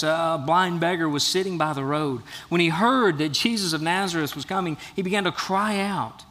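A man's voice: on the high side, fairly bright tone, big-room sound. A man preaching a sermon as a pastor, earnest and building to emphatic bursts.

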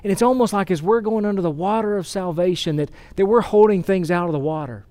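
A pastor preaching a sermon, telling stories earnestly with frequent repeated words. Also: male voice, sits high, fast talker, warm tone, no room sound.

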